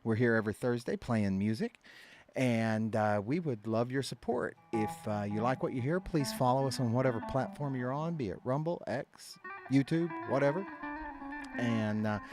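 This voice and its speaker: A man's voice: mid-range voice, animated, moderate pace, darkish tone, soft background music. A man hosting his band's live stream in casual chat, rambling with many fillers and frequent laughs. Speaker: band member and stream host.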